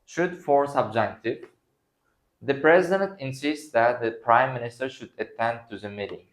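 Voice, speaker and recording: Speaking at a normal speed with a mid-range voice, a man teaches English grammar to a class. Uzbek is his first language, which shows in his non-native phrasing. He acts out the example sentences as he goes.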